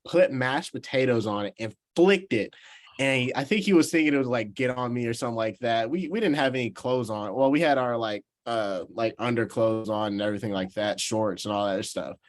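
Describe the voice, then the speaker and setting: A man in his twenties from Georgia in the US, a professional baseball player telling an animated story in a casual interview, laughing and restarting his sentences. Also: medium pitch, brisk. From Georgia, USA. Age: 20s.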